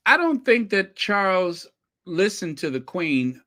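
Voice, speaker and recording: A man hosting a casual commentary channel, animated and opinionated, reacting to viewer comments. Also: sits high, slow. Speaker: channel host.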